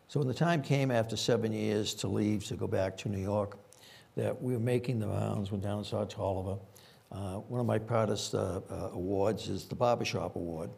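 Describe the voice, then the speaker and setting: A man's voice: on the low side, gravelly, darkish tone, breathy edge. An older man with a Boston accent, a former police chief telling rambling anecdotes with frequent fillers at a conference panel.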